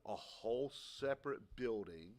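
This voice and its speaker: A man's voice: medium pitch, lively intonation, normal speed, darkish tone. A man co-hosting a casual radio talk show, chatty and easily amused, asking questions.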